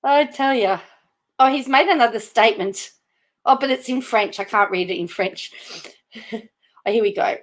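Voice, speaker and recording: A woman's voice: on the high side, normal speed, long pauses. A woman hosting her channel, reading news articles aloud in casual commentary, often breaking into giggles and chatty asides to viewers. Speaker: channel host.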